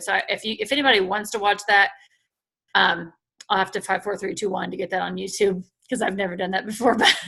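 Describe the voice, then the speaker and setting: A woman in her thirties or forties, chatting casually with viewers and telling stories in an animated way as she recaps a convention. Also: medium pitch, vocal fry. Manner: chatty, animated storytelling, addresses viewers as "you guys". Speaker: host recapping a sales convention.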